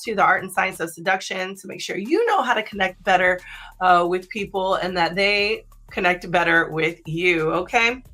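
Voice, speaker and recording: A woman hosting a casual live-stream of sex advice, chatty, with many fillers and "right?" tags, sometimes dropping into a low, slow voice to make a point. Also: bright, forceful tone. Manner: drops into a low slow voice to demonstrate. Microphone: streaming setup.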